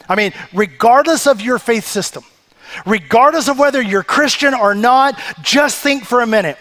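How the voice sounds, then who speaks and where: A man preaching a sermon as pastor, emphatic and full of rhetorical questions with drawn-out pauses. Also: very high voice, expressive, sharp tone.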